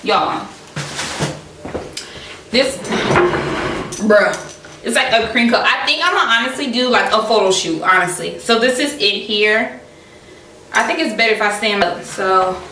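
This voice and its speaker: A woman's voice: mid-range voice, unhurried, pauses often, pushed and bright. A young woman unboxing clothes for her vlog, dramatic and gushing, calling her viewers y'all. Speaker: fashion vlogger. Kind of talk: excited unboxing chat. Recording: roomy echo, mic at a distance, faint noise.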